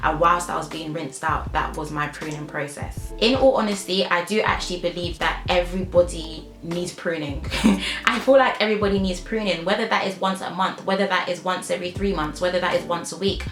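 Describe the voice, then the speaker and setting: A woman's voice: fairly low pitch, a little fast. A young woman, talking to camera in an emotional vlog, heartfelt and emphatic, often laughing through tears. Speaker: YouTuber. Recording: echoey room with faint music.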